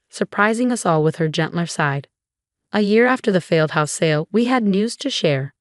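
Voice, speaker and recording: Woman, first-person story narration, steady, lowish pitch, dry. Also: no echo.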